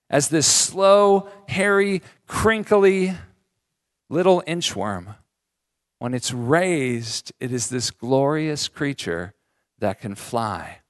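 A man in his thirties delivers a sermon, his voice sitting a little higher than most men's. He preaches in an easygoing, conversational way and slips in jokes as he talks. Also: animated, takes it slowly. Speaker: pastor.

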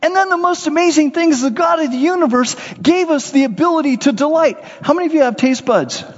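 A man preaching a sermon, animated, acting out little scenes and voices as he goes. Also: sits high. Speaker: pastor. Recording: muffled sound with long hall reverb.

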